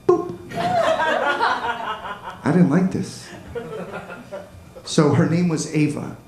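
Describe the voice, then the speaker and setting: A man's voice: on the high side, slow. Self-deprecating male stand-up comic. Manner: self-deprecating, chatty with the audience. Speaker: stand-up comedian. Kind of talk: stand-up comedy set. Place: comedy club stage. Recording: echoey club with crowd noise. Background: laughing audience.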